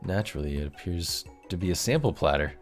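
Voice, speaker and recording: Low-voiced guy doing a let's play, reading the game text out loud, super animated delivery, jokey. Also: fast talker, faint music behind. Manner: joking, reads the game text in a lively way. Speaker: gamer reading a visual novel aloud. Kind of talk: casual let's-play narration.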